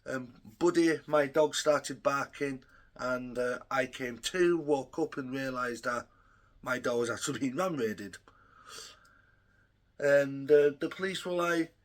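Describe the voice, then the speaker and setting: A man's voice: mid-range voice, takes it slowly. A young man telling a rambling, profane story in a casual vlog, full of ums and uhs. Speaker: vlogger.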